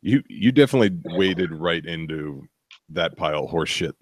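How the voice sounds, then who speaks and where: Deep lively man, teasing. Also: no room sound, clean studio sound. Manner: quick teasing interjections. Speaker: podcast co-host. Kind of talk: casual chat.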